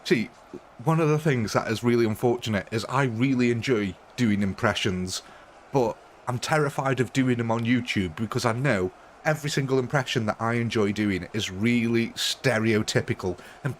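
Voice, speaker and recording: A man from Britain talks casually over a live game stream, chatty and self-mocking. His voice sits in an ordinary middle pitch. Faint noise hums behind him. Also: moderate pace. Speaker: gaming streamer.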